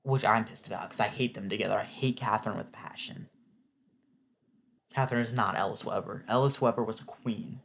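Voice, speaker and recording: A man's voice: on the low side, brisk, vocal fry, fairly bright tone, slight background noise. A man giving a casual, opinionated spoken recap, chatty and filling his talk with "like". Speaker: TV recap vlogger.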